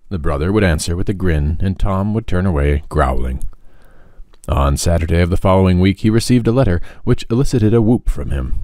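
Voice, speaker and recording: Deep-voiced man reading a storybook. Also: fairly quick, no room sound, clean studio sound. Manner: expressive, animated storytelling. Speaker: audiobook narrator.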